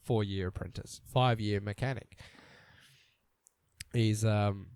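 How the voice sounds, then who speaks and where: A man's voice: fairly low pitch, steady tone, takes it slowly, darkish tone, clean tone. A young Australian man co-hosting a casual podcast, loose and joking, swearing freely. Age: young adult. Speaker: podcast co-host. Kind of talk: casual chat.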